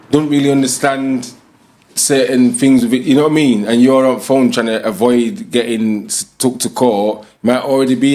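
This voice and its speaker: A man's voice: medium pitch, a little mellow. A man with a Sheffield accent, co-hosting a podcast in casual chat, reasoning steadily and agreeing. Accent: Sheffield English. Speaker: podcast co-host. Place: podcast studio.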